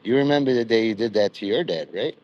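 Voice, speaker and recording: A man with a lowish, somewhat mellow voice talks fast and animatedly in a rambling, profane monologue, peppered with "you know" and hopping between mock-preachy asides and quoted voices. The recording is muffled.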